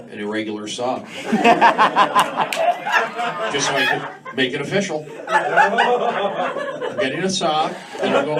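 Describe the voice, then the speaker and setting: A man's voice: fairly high pitch, recorded from a distance. An American man rambles through a stand-up set, jumping from thought to thought and talking straight to the crowd. He is heard from across the club on a very noisy recording, with the audience laughing behind him. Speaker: stand-up comedian. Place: comedy club stage. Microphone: handheld mic, recorded from a distance.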